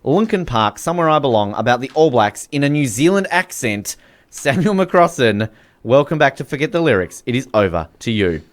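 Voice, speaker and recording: Lively, animated male radio host. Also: medium pitch, a little fast, hardly any pauses. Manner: animated, teasing, stumbles over words. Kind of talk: playful studio banter, judging a game.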